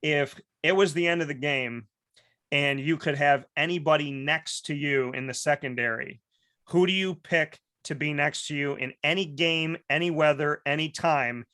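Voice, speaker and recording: A man hosting a casual talk show, telling stories in an animated way and acting out the voices of the people in them. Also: fairly high pitch, moderate pace, dry recording, clean studio sound. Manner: animated storyteller, acts out quoted voices, many restarts. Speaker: host. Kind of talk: casual storytelling chat.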